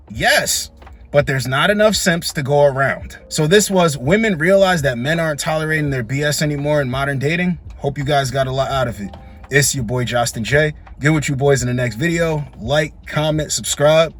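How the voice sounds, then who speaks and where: A blunt man with a high, husky voice, delivering reaction commentary to his viewers. He lectures in a direct, no-nonsense way. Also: lively intonation, normal speed, a bit bright, faint music behind. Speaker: commentary host.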